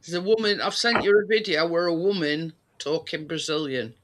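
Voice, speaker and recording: A man chatting casually and reading a product label aloud in a halting way. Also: on the high side, fairly bright tone, a little hiss or hum. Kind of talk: casual chat.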